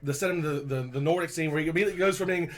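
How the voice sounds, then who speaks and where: A man co-hosting a board game show, chatting in an animated way and often restarting his sentences. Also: fairly high pitch, very fast, background noise. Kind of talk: casual chat while playing a board game.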